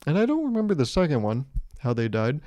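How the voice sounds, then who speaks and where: Young man, twenties, solo podcast host, casual rambling, self-mocking jokes, mellow tone, dry sound. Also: on the high side, wildly swooping pitch, quick pace, dry recording. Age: 20s. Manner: rambling, joking, self-mocking with acted-out quotes.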